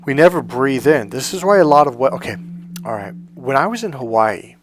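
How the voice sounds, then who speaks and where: Rambling middle-aged man coaching. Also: mid-range voice. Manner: rambling, self-correcting, acts out breathing and sighs. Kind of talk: casual monologue.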